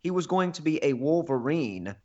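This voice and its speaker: A man's voice: on the high side, lively intonation, normal speed, warm tone, dull audio. A man guesting on a comedy podcast, easygoing, explaining trivia at length.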